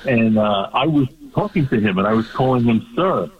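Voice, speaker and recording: A man's voice: medium pitch, animated, moderate pace. A man hosting a casual talk show, telling an anecdote. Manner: chatty anecdote teller who laughs at his own punchlines. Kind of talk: casual chat. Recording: dull lo-fi sound.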